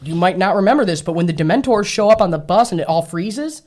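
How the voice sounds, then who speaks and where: A woman co-hosting a casual podcast chat, telling excited, profane stories about movies. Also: mid-range voice, fast talker. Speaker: podcast co-host.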